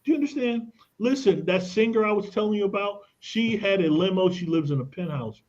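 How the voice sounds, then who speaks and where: A man's voice: high-pitched, brisk, hardly any pauses, darkish tone, lo-fi sound. A man guesting on a radio interview, explaining in an emphatic way and telling anecdotes. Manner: emphatic, tells anecdotes, repeats "look at this". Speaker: credit expert guest.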